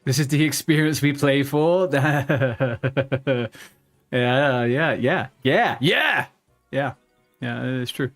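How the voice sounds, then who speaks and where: A man's voice: medium pitch, very slow, fairly bright tone, faint music behind. Man muttering live game commentary. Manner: mutters to himself, swears when frustrated. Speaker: streamer.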